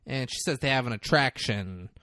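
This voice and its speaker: A man's voice: medium pitch, lively intonation, moderate pace, sharp tone, no echo, studio quality. A man casually recapping a movie on a podcast, crude and mocking, acting out the characters' lines. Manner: crude, mocking retelling with quoted voices. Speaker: podcast co-host.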